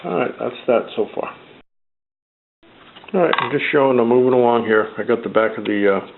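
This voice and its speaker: Man, New England accent, raspy fry-heavy voice, faint hiss behind, casual hands-on build narration. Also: medium pitch, moderate pace. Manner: rambling, talks while working with his hands. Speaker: hobbyist builder. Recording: tinny phone-like audio with faint noise.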